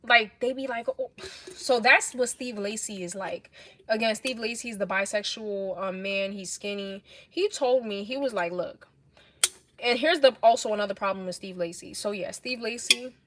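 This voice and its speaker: A young woman with a New York accent, livestreaming and telling blunt, animated stories in casual chat. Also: medium pitch, normal speed. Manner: blunt, animated, swears a lot.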